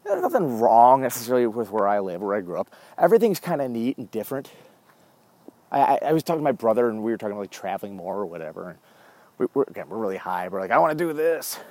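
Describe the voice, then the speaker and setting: A man's voice: on the low side, big pitch swings, fast, warm tone, no room sound. A man in his forties hosting his own show, talking in a rambling, profane casual monologue while walking a dog. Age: 40s. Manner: rambling, profane, wanders off track. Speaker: show host.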